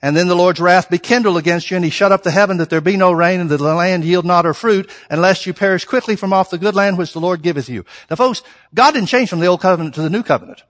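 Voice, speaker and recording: Man, preacher, sermon, high voice, rhetorical questions, reverberant hall. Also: fairly bright tone. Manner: emphatic, rhetorical questions to the congregation; reads scripture slowly and deliberately. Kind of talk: sermon with scripture reading.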